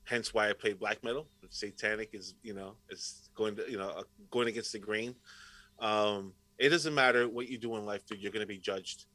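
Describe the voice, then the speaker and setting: Pitched fairly low and speaking at normal speed, this man comes through on a rough recording without any room sound. Raised near Rhode Island with Puerto Rican roots, he guests on a podcast, spinning animated stories in casual talk full of constant cursing.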